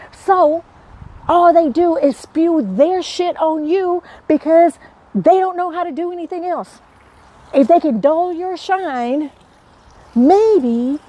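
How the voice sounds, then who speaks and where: A woman's voice: on the high side, darkish tone, a little hiss or hum. Blunt, earnest woman podcaster. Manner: earnest, blunt, swears freely; emphatic repetition. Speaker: podcast host. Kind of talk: motivational monologue.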